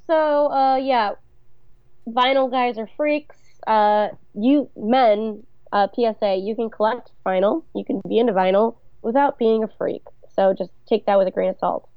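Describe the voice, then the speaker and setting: A woman's voice: on the high side, normal speed, clear, resonant tone, no room sound, lo-fi sound. A young woman co-hosting a podcast, telling stories in loose, rambling casual chat. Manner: rambling, loose, filler-heavy storytelling. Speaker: podcast co-host.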